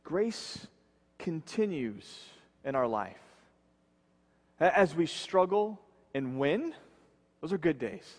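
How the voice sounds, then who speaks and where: Slow, earnest man preaching in a reverberant hall. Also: big pitch swings. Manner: earnest, slows and drops low for emphasis. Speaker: pastor. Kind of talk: sermon.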